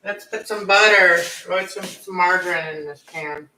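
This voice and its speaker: A man's voice: high-pitched, moderate pace. A man rambling casually to a live chat as he cooks in his home kitchen, with a camera mic set away from the stove. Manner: rambling, self-correcting, chatty. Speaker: cooking vlogger. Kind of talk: casual live-stream chat while cooking. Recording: echoey kitchen, distant camera mic, faint noise.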